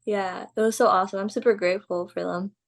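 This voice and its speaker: A young woman, a guest in a casual interview, telling stories in an animated way, with many "like"s and "um"s and laughter along the way. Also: medium pitch, fast talker, creaky. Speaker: guest, pro wrestler.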